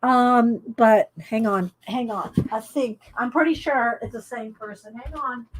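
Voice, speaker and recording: A woman's voice: fairly high pitch, unhurried, background noise. A woman chatting casually as she shows her art books, rambling with many fillers and restarts. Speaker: art book vlogger. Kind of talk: casual show-and-tell chat.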